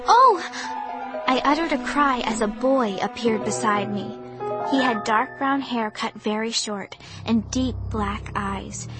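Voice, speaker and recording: A woman reading a spooky first-person story aloud in a measured, suspenseful way, with music behind her. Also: on the high side. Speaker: audiobook narrator. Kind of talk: first-person audiobook narration.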